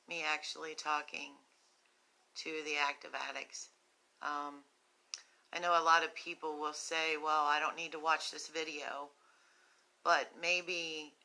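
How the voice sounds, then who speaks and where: A woman with a West Virginian accent hosting a live stream for a recovery nonprofit, talking slowly and gently with many ums while sick with a cough and a cough drop in her mouth. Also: low voice. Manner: slow, gentle and compassionate, with frequent ums. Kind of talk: earnest live-stream talk to viewers.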